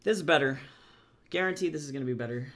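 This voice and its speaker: A man streaming as a webcomic artist, chatting casually and thinking out loud in a rambling, self-deprecating way as he works. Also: on the high side, fast talker. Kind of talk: casual livestream chat while drawing.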